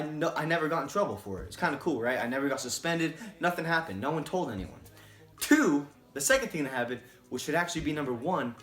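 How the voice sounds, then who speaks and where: A man telling a personal story to camera in a casual, animated and profane way, often checking in with "right?". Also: a little high. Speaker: vlogger. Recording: roomy echo, faint music.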